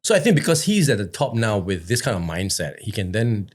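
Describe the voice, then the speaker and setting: A man's voice: lowish voice, a little fast. A man from Singapore with a Singaporean English accent, a podcast guest chatting casually. He tells stories with energy and slips into other voices. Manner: animated storyteller who slips into voices.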